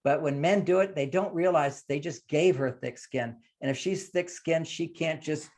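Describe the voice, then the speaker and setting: A man's voice: fairly high pitch, normal speed, a little mellow. An older man giving relationship advice as a podcast guest, emphatic and lecturing, sometimes acting out what partners say.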